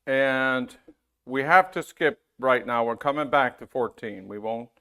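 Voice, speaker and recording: A man's voice: mid-range voice, pushed and bright, clean tone. Conversational male Bible teacher. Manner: conversational, checks in with listeners often; reads scripture aloud slowly. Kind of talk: casual Bible-school teaching.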